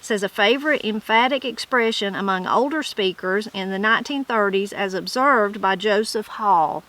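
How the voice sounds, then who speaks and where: A woman's voice: mid-range voice, moderate pace, a bit bright, rough recording. A woman with a Southern Appalachian accent reads dictionary entries aloud and then comments on them chattily as a channel host. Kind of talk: casual explanation of regional words.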